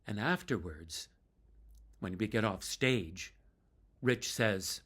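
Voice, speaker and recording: A man telling a tribute story about a fellow performer, with slow pauses. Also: lowish voice, expressive, a bit bright, husky.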